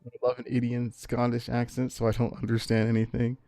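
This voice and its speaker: A man's voice: medium pitch, completely flat delivery, a little fast, warm tone, dry recording, soft background music. Casting: male game streamer, loose casual commentary, dry close sound. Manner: rambling, chatty.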